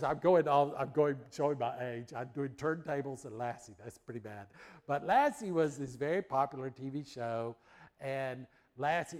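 A man's voice: mid-range voice, darkish tone. A middle-aged man from the United States preaching a sermon, telling a childhood story in a folksy way. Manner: folksy storytelling, acts out voices and barks.

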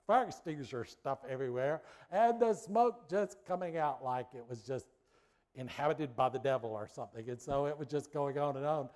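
A middle-aged male pastor giving a sermon, telling a lively personal story with suspense before drawing out his point. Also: medium pitch, moderate pace.

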